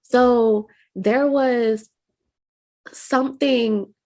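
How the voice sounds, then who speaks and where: A woman co-hosting a podcast who tells personal stories in a chatty, animated way. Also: a little high, drawn-out words, creaky. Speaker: podcast co-host. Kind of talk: casual storytelling.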